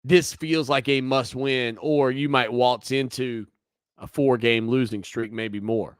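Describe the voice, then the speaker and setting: A man's voice: mid-range voice, steady tone, unhurried, clear, resonant tone, dry recording, clean studio sound. A man hosting a sports talk radio show, talking through the news in a conversational, opinionated way with teasing asides.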